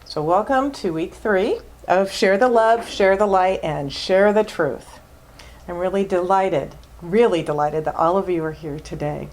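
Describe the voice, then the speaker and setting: A woman's voice: on the low side, unhurried, a little mellow. A woman minister giving a sermon, emphatic and fond of repeating words for stress.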